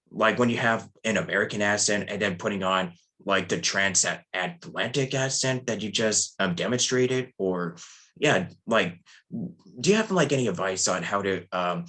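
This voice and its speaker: A young man hosts a podcast interview, working through long questions with many fillers and restarts. His voice is on the low side. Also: pushed and bright. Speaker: podcast host.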